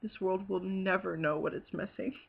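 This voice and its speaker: Woman, from Ohio, personal testimony, hesitant, lots of fillers, gravelly, dull lo-fi sound. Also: mid-range voice, fairly even intonation. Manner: halting, hesitant, many fillers. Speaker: bereaved sister telling her story.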